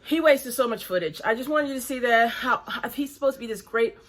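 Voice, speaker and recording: Blunt, breathy woman in her forties. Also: fairly high pitch, fairly quick, a bit bright. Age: 40s. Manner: blunt, critical, chatty. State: breathing hard. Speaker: reaction video host. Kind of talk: casual reaction commentary.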